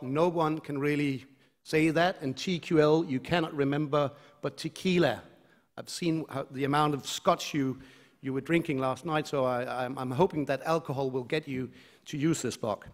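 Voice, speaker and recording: A man's voice: on the high side, steady tone, moderate pace. A middle-aged man giving a conference lecture in a conversational, hesitant way, with frequent restarts, in a large lecture hall. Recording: long reverb of a lecture hall.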